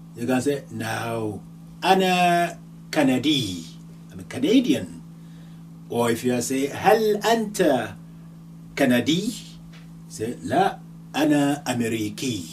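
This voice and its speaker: A man teaching a grammar lesson step by step, patiently repeating each word and ending, with a faint hum behind him. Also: mid-range voice. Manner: patient, repeats words and endings many times. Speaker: language teacher. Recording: distant mic, faint hum.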